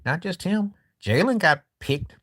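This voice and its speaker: A man hosting a live stream from his phone, talking basketball opinions in a blunt, skeptical way, with lots of rhetorical questions and frequent throat clearing. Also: sits high, lively intonation, a little slow, fairly bright tone. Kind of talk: casual basketball opinion talk. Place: walking while streaming.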